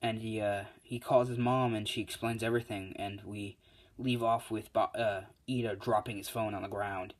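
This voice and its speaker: A man's voice: lowish voice, steady tone, moderate pace. A man casually retelling a fan-made story as a YouTuber, rambling with lots of fillers and self-corrections.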